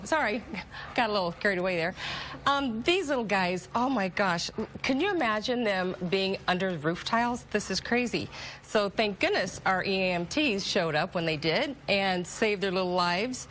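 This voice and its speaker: An excitable woman gushing over shelter kittens in a TV pet adoption segment. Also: mid-range voice, a little hiss or hum. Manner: gushing and excitable, breaks into song.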